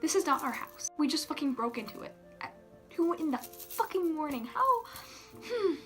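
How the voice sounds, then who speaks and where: A young woman telling a storytime tale casually. She swears a lot, fills her talk with "like", giggles and sometimes drops to a hush. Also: high voice, expressive, moderate pace, faint music behind. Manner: giggly, profane, filler-heavy, hushed at times. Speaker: vlogger.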